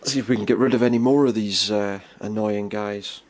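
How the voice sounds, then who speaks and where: A man's voice: fairly low pitch, fairly even intonation, brisk, darkish tone. A man casually commenting on a role-playing game he is playing, chatty and thinking aloud as he goes. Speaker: gaming streamer. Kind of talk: casual let's-play commentary.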